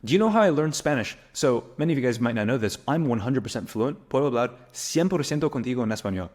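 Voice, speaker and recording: A man in his twenties giving an emphatic, energetic motivational business lesson to camera, full of rhetorical questions. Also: mid-range voice, fast. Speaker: business coach.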